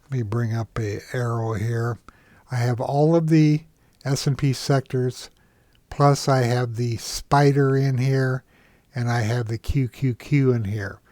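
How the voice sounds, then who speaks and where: Male instructor, mid-pitched, for a dry-miked screen tutorial; slow, halting delivery full of "uh" pauses. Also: fairly even intonation, darkish tone, no echo. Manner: unhurried, many "uh" pauses and self-corrections. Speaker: trading software instructor. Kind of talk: screen-share software tutorial.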